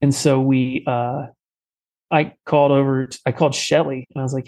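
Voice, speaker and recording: A man's voice: mid-range voice, little pitch movement, moderate pace, darkish tone, low-quality recording. A man telling a story in a casual, rambling way, with many fillers and restarts. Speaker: podcast guest.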